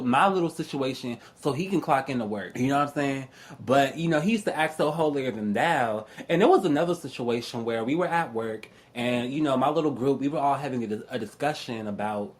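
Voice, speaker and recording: A young man telling stories in a casual, profane rant, often laughing and mimicking other people's voices. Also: mid-range voice. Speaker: astrology YouTuber.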